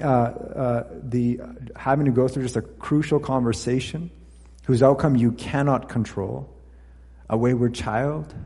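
Mellow-voiced man preaching in a reverberant hall. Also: on the high side. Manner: expository preaching, reading scripture aloud with occasional slips. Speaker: pastor. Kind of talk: sermon.

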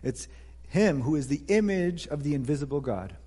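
A man's voice: on the high side, animated, moderate pace, warm tone, husky, in a large hall. A man preaching a sermon as pastor, earnest, repeating key phrases for emphasis.

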